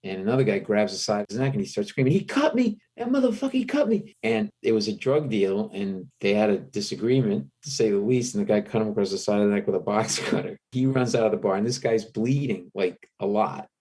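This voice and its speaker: A middle-aged man, a comedian, telling an animated anecdote in a podcast interview, jumping into raised voices for the people in his story. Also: on the low side, fast talker, hardly any pauses, breathy edge. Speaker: comedian guest.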